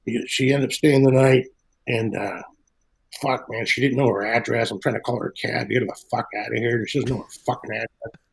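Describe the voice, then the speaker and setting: A man's voice: medium pitch, fairly even intonation, fairly quick, pitched below the performer's own voice, rough recording. A man imitating his comedian friend, a brash, swearing guy with a New York accent, while telling a story. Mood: exasperated. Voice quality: gruff, heavy swearing.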